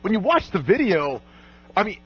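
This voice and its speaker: A man's voice: sits high, very animated, normal speed, slightly rough. A man co-hosting sports radio, analyzing and thinking aloud with restarts. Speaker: radio co-host. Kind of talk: casual sports radio talk. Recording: muffled radio broadcast.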